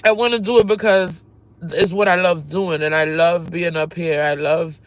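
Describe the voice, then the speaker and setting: A woman's voice: on the low side, steady tone, moderate pace. A woman venting on a live stream, upset and close to tears as she rambles through her troubles at work. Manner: upset, tearful, rambling confessional. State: on the verge of tears. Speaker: livestreamer.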